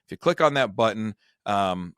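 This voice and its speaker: A middle-aged man with a fairly low voice tells a rambling, self-deprecating story in easy conversation. He hosts a retirement advice show. The sound is dry and close. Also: lively intonation, normal speed, a bit bright, clear, resonant tone, no echo. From Michigan. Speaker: retirement advisor and show host. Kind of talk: casual storytelling chat.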